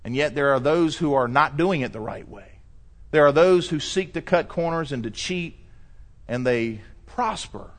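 A middle-aged man pastor delivering a sermon, preaching emphatically and rising to loud cries when he quotes scripture. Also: on the high side, normal speed.

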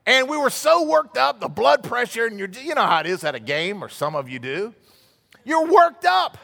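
A man's voice: very high voice, vocal fry, a bit bright. A man preaching a sermon as a pastor, telling stories conversationally and building to emphatic outbursts. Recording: long hall reverb.

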